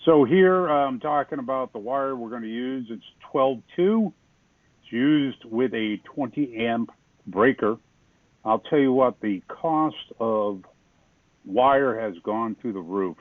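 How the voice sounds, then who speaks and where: A man's voice: medium pitch, animated, takes it slowly, no room sound. Man walking through a DIY wiring job, folksy and self-mocking, on dry, tinny phone-like audio. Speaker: home remodeling host. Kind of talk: casual how-to narration.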